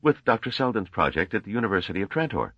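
A man reading a storybook voices an unsure young male mathematician who is polite, hesitant, earnest, and puzzled, pitching it clearly above his own very deep voice. The heavily acted, fast reading is slightly husky and lively in its rises and falls, recorded dry and dull.

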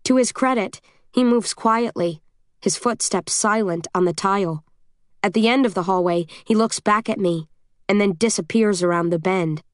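A woman narrates a first-person audiobook in a steady, measured voice with a tense edge. The sound is dry and close, with no room around it. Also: mid-range voice, no echo.

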